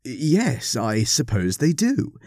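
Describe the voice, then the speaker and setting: A man voicing a polite, nervous vicar in a storybook reading, close to his own low voice. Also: expressive, a little slow, mellow, no echo. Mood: mild, cautious. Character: mild, anxious middle-aged male vicar.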